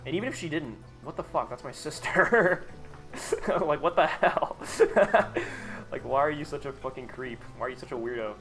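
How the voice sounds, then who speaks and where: A man's voice: mid-range voice, normal speed, faint music behind. A man talking casually to his chat on a live gaming stream, rambling, sarcastic and freely profane.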